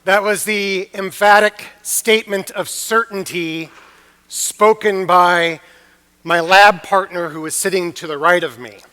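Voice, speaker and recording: High-voiced man preaching in a reverberant chapel. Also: fairly even intonation, bright, forceful tone. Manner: earnest storytelling with emphatic pauses. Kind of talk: chapel sermon. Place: university chapel.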